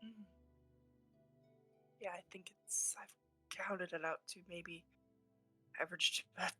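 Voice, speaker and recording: Soft-spoken woman with a bright voice. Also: lowish voice, fairly even intonation, slow pace, slightly rough, soft background music. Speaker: tabletop game player. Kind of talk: in-character tabletop role-play.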